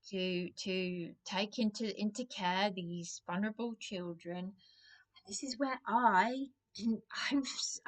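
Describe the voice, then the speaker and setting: A middle-aged woman ranting to camera at an unhurried, drawn-out pace. She stumbles, restarts her sentences and drops her voice to hushed asides, with a middle-pitched voice. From England. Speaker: vlogger. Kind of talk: rambling rant to camera.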